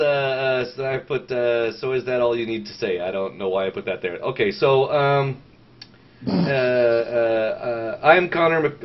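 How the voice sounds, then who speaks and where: A man co-hosting a casual gaming podcast, rambling and animated, swearing often and stalling with fillers. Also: medium pitch. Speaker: podcast host. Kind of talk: casual chat. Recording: dull lo-fi sound with faint noise.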